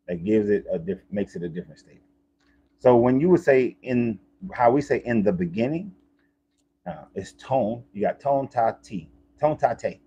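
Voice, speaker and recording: A man's voice: on the low side, a little mellow, husky, highs cut off. A man talking in a casual, rambling monologue, often restarting and repeating himself, as a life coach.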